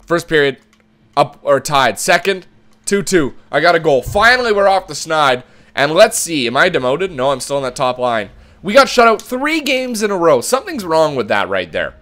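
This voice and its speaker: A man hosting let's-play commentary of a hockey video game, excitable, who swears and shouts at the game. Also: on the high side, moderate pace. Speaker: gaming channel host.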